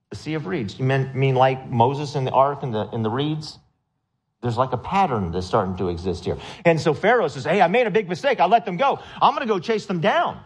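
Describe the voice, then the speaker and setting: A man preaching a sermon, retelling a story with lively acted-out quotes and questions to the congregation. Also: mid-range voice. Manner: animated storytelling, acts out quotes in raised voice. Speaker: pastor.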